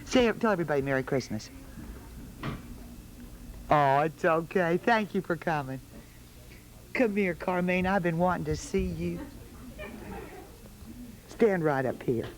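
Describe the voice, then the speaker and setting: A woman's voice: lowish voice, animated, a little slow, long pauses, poor audio. Sing-song woman host coaxing children. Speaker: television host. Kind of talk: chatting with small children on a holiday broadcast.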